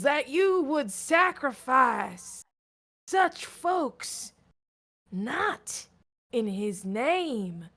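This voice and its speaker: A woman voicing a solemn male servant of a sleeping god, speaking gravely and slowly like a preacher. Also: a little high, exaggerated voice. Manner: grave, preaching, slow and hushed.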